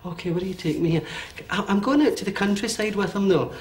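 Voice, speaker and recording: A Scottish man in his forties giving a medium's reading, talking in a quick, animated way with many fillers and checks. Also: sits high, slight background noise. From Scotland. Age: 40s. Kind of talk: live one-to-one reading before an audience.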